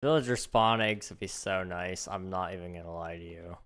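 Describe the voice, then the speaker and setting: Deep-voiced, slightly hoarse male streamer. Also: fairly bright tone. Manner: chatty, thinks aloud with frequent ums and quick laughs. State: slightly hoarse, losing his voice. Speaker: gaming livestreamer. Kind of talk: casual live-stream chat while playing. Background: background music.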